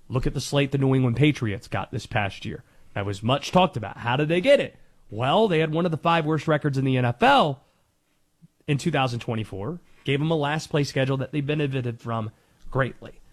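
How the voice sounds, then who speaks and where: Punchy sports radio host, man. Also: on the high side. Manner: emphatic, punchy delivery.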